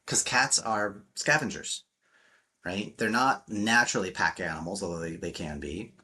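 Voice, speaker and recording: A man's voice: on the low side, moderate pace, bright, forceful tone, slightly rough. A man speaking as a relationship coach in a podcast interview, emphatic and blunt, swearing freely and acting out quotes.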